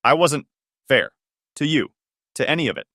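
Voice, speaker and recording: A man performs a full character voice of a weak, weary older father murmuring in a rasp, pitched above his own voice. It sounds a little high, sing-song and fairly bright at normal speed, with a clean, dry studio recording.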